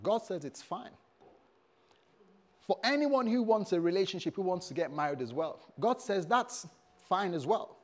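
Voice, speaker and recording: An animated male pastor preaching with a lively, swooping voice, sitting a little high for a man. He jokes and calls on the congregation, his delivery rising and falling with emphasis. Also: normal speed. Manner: animated, humorous, engages the congregation. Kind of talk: sermon.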